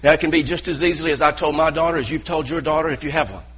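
A man's voice: a little high, racing, a bit bright, slightly rough, lo-fi sound. A man preaching a sermon as pastor, earnest and full of restarts and repeated words.

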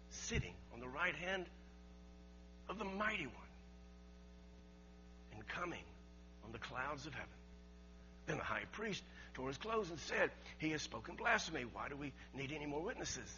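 A man preaching a sermon with emphasis, rising loud and dropping quiet in turns. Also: fairly high pitch. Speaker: pastor. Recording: dull lo-fi sermon recording with faint mains hum.

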